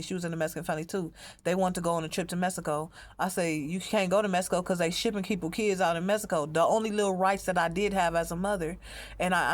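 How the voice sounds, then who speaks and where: Rambling, profane woman pouring out her story. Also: lowish voice. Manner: rambling, profane, repeats herself. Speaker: mother telling her story. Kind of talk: emotional monologue to camera.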